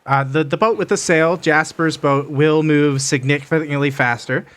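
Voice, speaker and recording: A man runs a tabletop game with a voice pitched a little high for a man. He narrates the scene slowly and loosely, pausing on fillers and restarts. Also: a bit bright. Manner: hesitant, filler-heavy narration. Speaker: game master.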